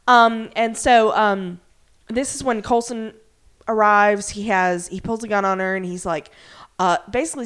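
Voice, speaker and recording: A woman's voice: mid-range voice, a bit bright. A woman co-hosting a podcast, casually recapping a TV episode, acting out characters' lines and swearing freely. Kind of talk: casual chat.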